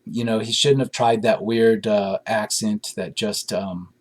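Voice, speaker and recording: A man's voice: fairly low pitch, steady tone, unhurried. Rambling blunt male movie reviewer. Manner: rambling, searching for words with many fillers; blunt and critical. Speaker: film reviewer. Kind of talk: casual spoken movie review.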